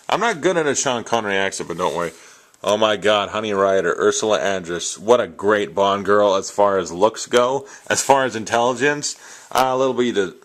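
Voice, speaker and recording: A man's voice: on the low side, fairly bright tone, poor audio. A man chatting casually on camera, rambling and enthusiastic as he reviews his new films. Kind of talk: casual unscripted vlog. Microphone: handheld camera, self-recorded.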